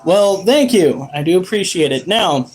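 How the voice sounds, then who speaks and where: A man's voice: sits high, expressive, moderate pace, slightly rough, low-quality recording. A man chatting casually in a home vlog, sarcastic and grumbling, joking with his wife. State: panting after push-ups. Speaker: vlogger.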